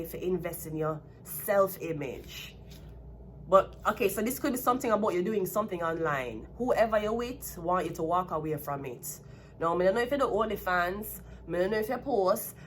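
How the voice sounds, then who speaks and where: Her voice is fairly low and a bit bright, with a faint hiss or hum underneath. She's a Jamaican tarot reader with a Jamaican accent, and her casual vlog reading turns into a blunt, profane, heated rant.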